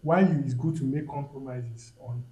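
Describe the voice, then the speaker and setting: A man's voice: mid-range voice, fairly even intonation, brisk, warm tone. A man with a Nigerian accent, a guest on a casual podcast discussion, talking emphatically, repeating himself and slipping into pidgin phrases. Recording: roomy echo.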